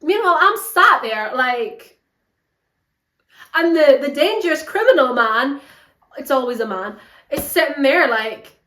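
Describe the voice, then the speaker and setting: A woman's voice: sits high, lively intonation, measured pace, pauses often, bright, forceful tone. A young woman giving a casual, blunt and sarcastic book review at home. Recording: roomy echo.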